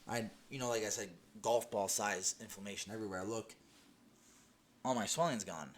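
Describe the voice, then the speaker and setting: A man tells his personal healing testimony in a lowish voice, emphatic and excited, stumbling over restarts as he goes. A faint hum of room ambience sits under his voice. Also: brisk. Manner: excited, laughing, emphatic storytelling with many restarts. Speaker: testimony speaker.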